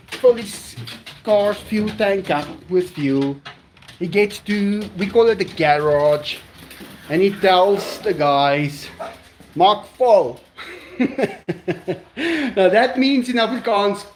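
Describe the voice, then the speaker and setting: A man's voice: high-pitched, a little hiss or hum. A man, hosting a live stream in casual chat and answering viewers, laughing often.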